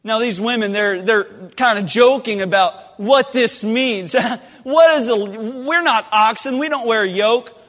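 High-voiced pastor guy preaching, fervent then hushed, long church echo. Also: unhurried, hardly any pauses. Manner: swings from loud, fervent pleading to hushed, low-voiced storytelling. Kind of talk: sermon. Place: church sanctuary. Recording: long reverb of a church sanctuary.

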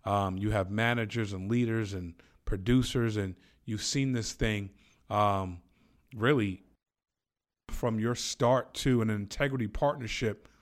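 Enthusiastic low-voiced male interviewer. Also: steady tone, measured pace. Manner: enthusiastic, hypes up the guest. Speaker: interviewer, sales trainer. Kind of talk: casual interview conversation.

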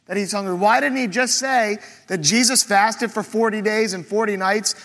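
Pastor guy giving a chatty sermon, high voice, long echo in the church. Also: moderate pace, a bit bright. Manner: conversational, asks questions aloud.

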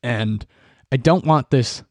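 A man's voice: medium pitch, slow pace, no room sound. Young man, solo podcast rant, profane and rambling, dry close mic. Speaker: podcast host. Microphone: podcast microphone.

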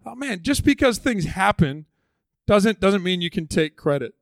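A man preaching a sermon as pastor, dramatic, swinging from loud passages to hushed, drawn-out ones. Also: high-pitched, sing-song, creaky, no echo.

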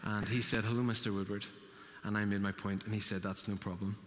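A man's voice: lowish voice, flat delivery, a little fast, noisy background. A man preaching a sermon, telling a story and acting out the quotes. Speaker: pastor. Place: church hall. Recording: church hall reverb.

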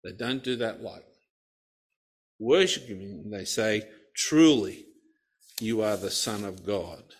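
A man giving a Bible study talk, expressive, with playful asides. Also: medium pitch. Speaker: Bible teacher.

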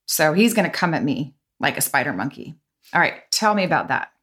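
A woman's voice: low-pitched, big pitch swings, brisk, fairly bright tone, husky. A woman hosting a casual conversation, talking playfully and animatedly and often breaking off her own sentences. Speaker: podcast host. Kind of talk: casual chat.

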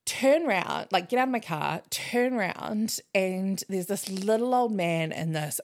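A young woman co-hosts a casual podcast, telling a story with lively, animated energy and frequent swearing. Her voice carries a noticeable gravelly fry, sitting in a middle pitch for a woman. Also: measured pace. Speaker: podcast co-host.

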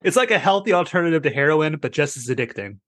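A man's voice: a little high, sing-song, fast, a bit bright. Chatty easygoing man podcast host. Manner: chatty, easygoing, laughs along often. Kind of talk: casual podcast interview.

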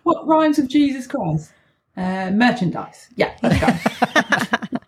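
A woman guest in a casual podcast chat, giggly and animated, acting out reactions. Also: fairly high pitch, takes it slowly.

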